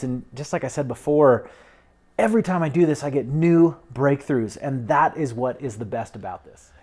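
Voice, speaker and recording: A man's voice: medium pitch, a little mellow. A man talking earnestly and enthusiastically in a casual video diary at home. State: out of breath. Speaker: vlogger.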